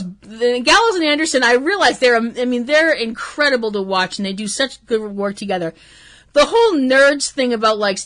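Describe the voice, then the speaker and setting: A woman's voice: mid-range voice, pushed and bright. A woman hosting a wrestling talk show, chatting casually and gushing, with lots of ums and restarts. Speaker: host. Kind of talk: casual solo podcast chat.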